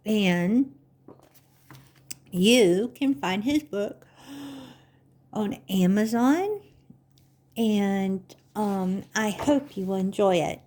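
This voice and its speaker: A woman leads a children's story time, talking warmly and patiently to little listeners. She speaks slowly, with a touch of gravelly fry in her voice. Her manner is encouraging and teacherly. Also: mid-range voice. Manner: gentle, slow and encouraging, like a teacher.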